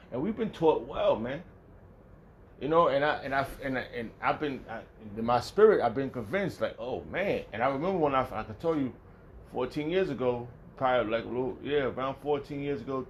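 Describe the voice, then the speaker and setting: A man giving a casual Bible study talk, rambling and restarting often, emphatic and profane, with sudden loud angry outbursts. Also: medium pitch, slight background noise. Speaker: religious teacher.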